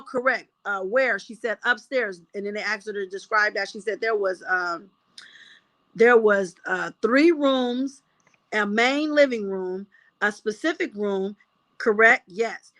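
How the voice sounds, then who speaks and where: A woman's voice: fairly high pitch, fairly bright tone, no room sound. Chatty woman recapping notes, dry sound. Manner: reads notes aloud, restarts often, chatty asides. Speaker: commentator recapping courtroom testimony. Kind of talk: casual live recap.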